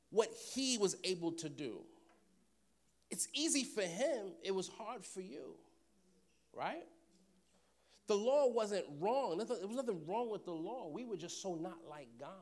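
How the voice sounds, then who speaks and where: A man's voice: high-pitched, sing-song, a little slow, pauses often. A man preaching a sermon, joking with the congregation and repeating phrases for emphasis. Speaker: pastor.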